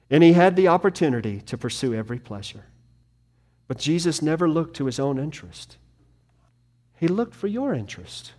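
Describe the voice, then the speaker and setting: A man delivers a sermon in a fairly high voice. He preaches dramatically, rising to loud emphatic peaks and then dropping to hushed, low phrases. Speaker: pastor.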